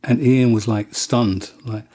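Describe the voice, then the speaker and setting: Dark, husky man telling rambling stories. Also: medium pitch, steady tone, slow. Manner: rambling, with many restarts and acted-out quotes. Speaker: interviewee. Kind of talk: casual anecdotal storytelling.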